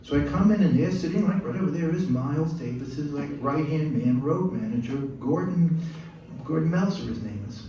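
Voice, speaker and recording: An older man, a musician, tells stories to a live audience between songs, animated and acting out the voices of the people he quotes. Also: a little high, moderate pace. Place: live venue. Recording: echoey room, mic far off, faint noise.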